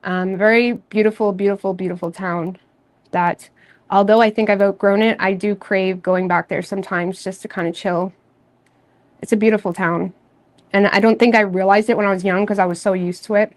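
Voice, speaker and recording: A woman's voice: mid-range voice, steady tone, normal speed. A woman from Nova Scotia, Canada, running a casual tarot livestream. She talks in a loose, rambling, confiding way, with plenty of fillers and light laughs along the way. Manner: rambling, candid and chatty, with frequent fillers and soft laughs. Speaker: tarot reader and channel host.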